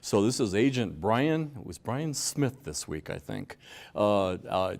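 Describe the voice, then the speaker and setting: A man presenting a fraud-warning talk to a room of listeners, his pitch rising and falling a lot. He speaks casually and slips into the voices of scammers to show how they talk. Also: unhurried, vocal fry. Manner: lively, conversational, acts out scammers' lines. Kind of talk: presentation to an audience.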